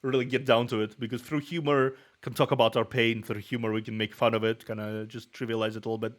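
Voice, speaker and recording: A man hosting a reaction stream, talking in a rambling, halting, reflective way. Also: mid-range voice, flat delivery. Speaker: streamer host. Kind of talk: casual reaction-stream chat.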